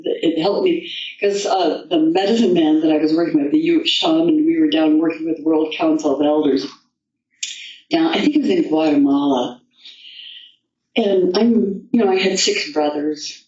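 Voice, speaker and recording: A woman storyteller at a festival, recounting an old legend and her own life in an unhurried, rambling way. Her voice sounds distant and roomy, with the muffled sound of a dull recording. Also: deep voice, a little mellow. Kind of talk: told folktale and personal anecdote. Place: festival venue.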